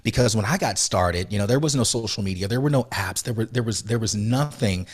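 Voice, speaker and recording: Earnest low-voiced man, heartfelt. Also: brisk, slightly rough. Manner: earnest, emotional, soft-spoken when recounting, rising with conviction. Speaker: podcast guest, author and motivational speaker. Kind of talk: reflective interview storytelling.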